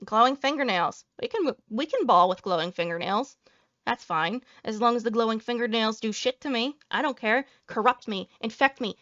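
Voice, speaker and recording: A fairly high-voiced woman streamer rants through a salty, foul-mouthed reaction, talking straight to her viewers. The sound is dry and a little dull, like a lo-fi home recording. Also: normal speed, fairly bright tone, dry recording. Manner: salty, profane, ranting. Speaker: VTuber streamer. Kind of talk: casual reaction commentary.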